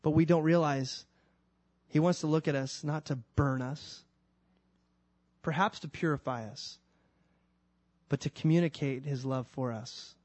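Guy preaching, chatty and emphatic, kinda high voice, dry sound. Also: a little slow, long pauses, a little mellow, no echo. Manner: conversational, emphatic storytelling. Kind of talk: sermon.

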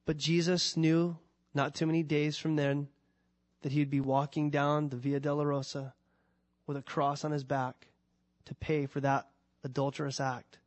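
A man preaching a sermon with a slightly high voice. He talks to the congregation like a conversation, full of questions. He jumps to loud, excited peaks and then drops to soft, quiet lines. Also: normal speed. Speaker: pastor.

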